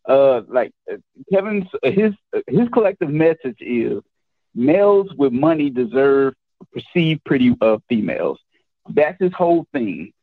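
A man calls in on a dull, lo-fi line. His voice sits a little high and swings lively up and down, and he talks hesitantly, full of fillers. The sound is dry. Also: no echo. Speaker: caller. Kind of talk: phone-in commentary.

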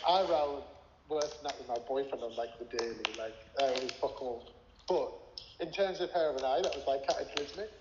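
A man's voice: medium pitch, a little mellow. A man chatting loosely as an interview guest, wandering through his story with plenty of swearing and fillers. His voice sits in a roomy space with a long reverb tail. The sound is dull and lo-fi, with a faint hiss underneath. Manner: rambling, frequent swearing and filler words. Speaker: interview guest, former music manager. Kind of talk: casual storytelling.

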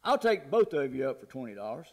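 A man's voice: mid-range voice, big pitch swings, fast talker, pitched below the performer's own voice. A man voicing a brash middle-aged stunt pilot who talks like a salesman. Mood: boastful.

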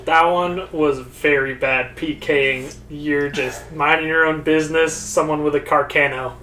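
A man's voice: fairly high pitch, fairly even intonation, unhurried, pushed and bright. A man on a podcast chatting casually, blunt and teasing, swearing often. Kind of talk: casual chat.

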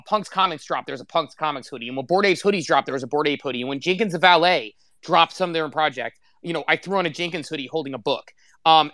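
A man on a casual panel, telling stories in an excited rush with a lot of "like". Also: fairly high pitch, no echo. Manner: rapid, excited storytelling with lots of "like".

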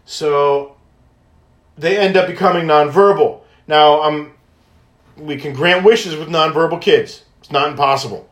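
Upbeat man, slightly high voice, chatty podcast storyteller who laughs a lot, roomy echo. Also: measured pace, fairly bright tone. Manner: high-energy, laughs often, acts out phone calls. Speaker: podcast host and wish granter. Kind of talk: casual storytelling monologue. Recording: echoey room.

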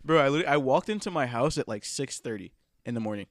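A young man telling a night-out story in casual chat, animated and profane, laughing and acting out what people said. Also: mid-range voice, racing, no echo, clean studio sound.

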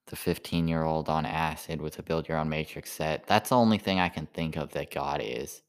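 Man, very low voice, sleepy, rambling monologue, halting, lots of filler words. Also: steady tone. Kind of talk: rambling stand-up style monologue.

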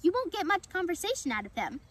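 A woman voicing an excitable, chatty little male squirrel with a high, quick voice in a storybook reading. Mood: cheerful.

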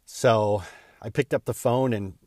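A man's voice: fairly low pitch, steady tone, measured pace, a little mellow, dry recording, studio quality. Earnest man hosting a solo podcast. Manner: earnest, candid, with small stumbles and repeats. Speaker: podcast host.

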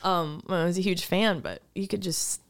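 A woman's voice: lowish voice, moderate pace, smooth. A woman chatting casually on a podcast, telling a story with lots of "like" and acted-out quotes. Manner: animated storyteller, acts out quoted voices, frequent "like". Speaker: podcast co-host. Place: lives in Hollywood.

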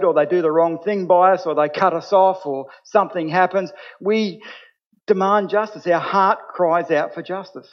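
A man preaching a sermon as pastor, earnest and building to emphatic points. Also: on the high side. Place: church. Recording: dull sound with long hall reverb.

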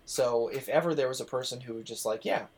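A man's voice: mid-range voice, fast, a little mellow. A man hosting a casual podcast chat, talking enthusiastically and rambling with lots of asides. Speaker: podcast host.

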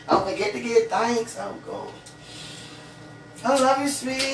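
A woman's voice: a little high, unhurried, long pauses. A woman talking casually and gushingly to her partner at home, rambling with many "you know"s and fervent religious asides. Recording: echoey room, far from the mic, steady background noise.

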